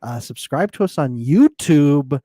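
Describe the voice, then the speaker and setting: A man's voice: fairly high pitch, expressive, measured pace, warm tone, dry recording, clean studio sound. A man co-hosting a live TV recap podcast, chatting casually, laughing often and plugging the show. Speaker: podcast co-host.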